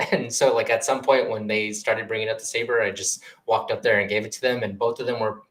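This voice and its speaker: A man in casual podcast chat, telling stories in a relaxed way. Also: on the low side, fairly quick. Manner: relaxed, storytelling.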